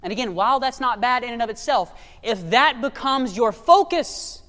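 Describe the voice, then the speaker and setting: Very high-voiced preacher in a reverberant hall. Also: male voice, expressive, moderate pace, sharp tone. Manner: emphatic, rhetorical questions to the congregation. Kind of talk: sermon. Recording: long reverb of a large hall.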